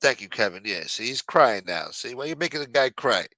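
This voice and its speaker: A man's voice: mid-range voice, expressive, fairly quick, bright, forceful tone, no echo. A man hosting a late-night livestream, chatting casually and profanely while reading viewer messages. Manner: loose, profane, jokey banter reading viewer chats. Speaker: livestream show host.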